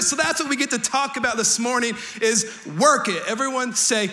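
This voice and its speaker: A male pastor preaching a sermon in a church, energetic and playful, joking with the congregation and sometimes shouting. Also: very high-pitched, normal speed. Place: church sanctuary.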